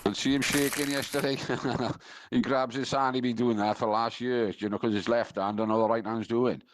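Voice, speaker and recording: Angry radio caller, dry sound. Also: male voice, mid-range voice, steady tone, moderate pace, dry recording. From Wales. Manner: angry, ranting. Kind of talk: radio phone-in call.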